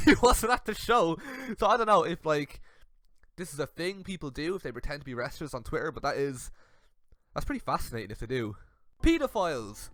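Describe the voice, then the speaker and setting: A young man giving comedic commentary on messages, animated and laughing often. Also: on the high side, normal speed, soft background music. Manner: animated, laughing, switches into silly voices for messages. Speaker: YouTube commentator.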